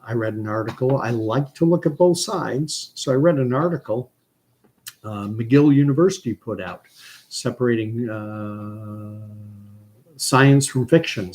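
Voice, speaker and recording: A man's voice: medium pitch, a little mellow, low-quality recording. A man from Canada talking through a rambling, unscripted commentary, stopping often for fillers and restarts. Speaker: commentary channel host.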